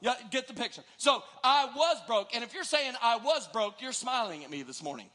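Energetic male preacher, bright and forceful, playful sermon to a live congregation. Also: extremely high pitch, fairly quick. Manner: energetic, joking, questions the audience. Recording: long hall reverb.

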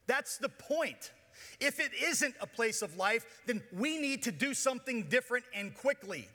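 Playful male pastor, high bright voice, reverberant church hall. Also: animated, moderate pace. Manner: playful, joking with the congregation. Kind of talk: sermon. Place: church auditorium.

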